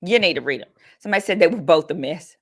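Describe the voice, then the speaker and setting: A woman's voice: fairly low pitch, lively intonation, fast talker, husky. A woman attorney hosting a casual livestream of legal commentary, talking candidly and reading viewer comments aloud. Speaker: attorney and host.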